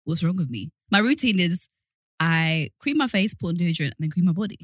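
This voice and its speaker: A woman's voice: on the low side, lively intonation, no echo, studio quality. A young adult woman co-hosting a podcast, telling stories in a chatty, giggly way. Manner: chatty, giggly, quick storytelling. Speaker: podcast co-host. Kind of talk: casual chat.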